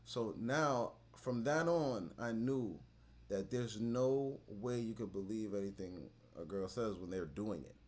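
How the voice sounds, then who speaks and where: A man's voice: on the low side, unhurried, darkish tone. A man hosting a reaction video, commenting and telling stories in a blunt, slangy way that swings between mumbling and sudden outbursts. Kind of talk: casual commentary and storytelling.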